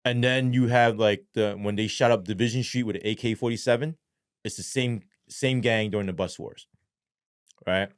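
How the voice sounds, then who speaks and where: A man's voice: on the low side, moderate pace, clear, resonant tone, no echo, studio quality. A middle-aged man, a former police sergeant, telling his story as an interview guest, swearing often and acting out the dialogue. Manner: profane, animated, acts out quoted dialogue.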